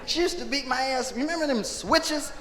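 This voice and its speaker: A man performing live stand-up comedy in a large hall, telling loud animated stories and shouting out character bits. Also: very high-pitched, brisk. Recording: echoey live concert vinyl with crowd noise. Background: audience laughter and ambience.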